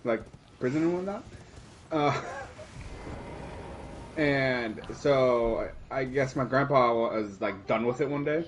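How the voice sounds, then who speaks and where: Relaxed man telling a family story. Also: mid-range voice, slow, pauses often, slight background noise. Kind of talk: casual chat.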